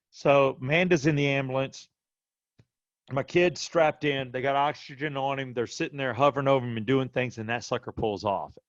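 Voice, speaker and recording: A man's voice: mid-range voice, normal speed, dry recording, dull audio. A man co-hosting a podcast, telling a personal story in a casual way and acting out what other people said. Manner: animated retelling that acts out other people's quoted lines. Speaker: podcast co-host.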